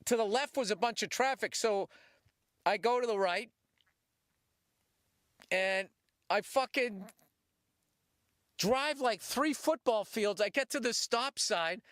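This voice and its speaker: A man's voice: sits high, slow, pauses often, dry recording, studio quality. A middle-aged man hosting a podcast, telling stories casually with lots of swearing and acted-out voices. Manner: profane, animated, puts on voices while telling stories. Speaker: podcast host. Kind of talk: casual comedic storytelling.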